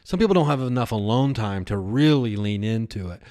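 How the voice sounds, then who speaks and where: A man's voice: medium pitch, animated, fast talker, few pauses, a little mellow. A man hosting a podcast in a rambling, improvised comic monologue, often breaking into giggles and chatting to imaginary characters. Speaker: podcast host.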